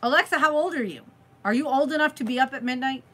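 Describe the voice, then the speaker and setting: A woman's voice: sits high, fast, sharp tone. A woman hosting a late-night live stream from home, chatty and giggly, teasing her viewers. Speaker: crochet channel host.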